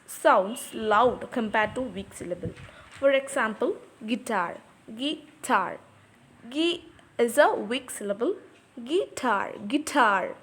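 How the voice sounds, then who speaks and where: In a high voice, a woman gives a patient lesson on poetry and reads example words out loud. She speaks English with non-native grammar.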